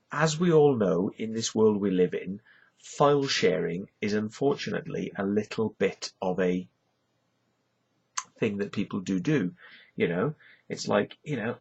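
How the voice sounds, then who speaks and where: Gravelly Welsh man rambling to camera. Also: fairly low pitch, unhurried, lo-fi sound. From Wales. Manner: chatty and rambling, full of "you know". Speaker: YouTuber. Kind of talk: casual rambling monologue.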